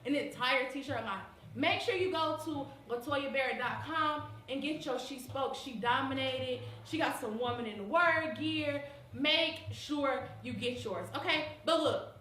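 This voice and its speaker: Woman, high voice, excited event host, echoey room. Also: moderate pace, few pauses. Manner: excited, greets people, sing-song calls. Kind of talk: lively livestream hosting. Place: busy church event venue.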